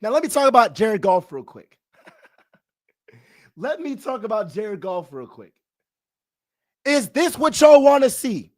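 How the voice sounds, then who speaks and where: Young man, high-pitched fan streamer, excitable trash talk, dry close mic. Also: slow, pauses often, no echo. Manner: excitable, chanting and singing, trash-talking. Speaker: sports reaction streamer. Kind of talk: hyped fan reaction commentary.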